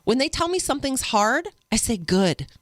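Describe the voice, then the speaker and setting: A woman guest on an interview show, a mother telling stories in an earnest, animated way. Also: high-pitched, brisk, no room sound. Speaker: podcast guest. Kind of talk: conversational interview storytelling.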